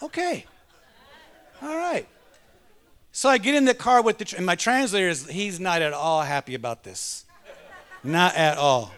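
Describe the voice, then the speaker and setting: A man's voice: high voice, animated, normal speed, pauses often, fairly bright tone. A male pastor preaching a sermon and telling a personal story, fervent and calling out to the congregation. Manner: fervent, punctuates with call-outs to the congregation.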